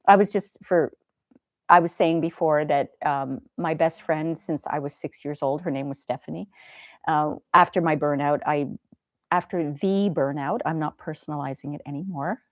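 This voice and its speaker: A gentle, chatty middle-aged woman hosting a live stream, talking to viewers and laughing now and then. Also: sits low, moderate pace, no echo. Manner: gentle, chatty, laughs often, soft asides. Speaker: live stream host reading chat. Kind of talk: casual live stream chat.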